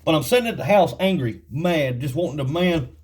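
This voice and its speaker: A man teaching the Bible in a casual, folksy storytelling way, with frequent laughs, and reading scripture slowly and deliberately. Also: on the high side, animated, a little mellow, breathy edge.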